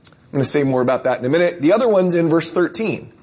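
A man's voice: a little high, lively intonation, fast talker, darkish tone, slightly rough. A man preacher delivering a conversational sermon, telling stories and asking rhetorical questions.

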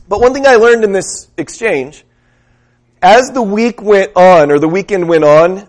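A man with a slightly high voice preaches a sermon, telling a story in a relaxed, conversational manner and putting questions to the congregation.

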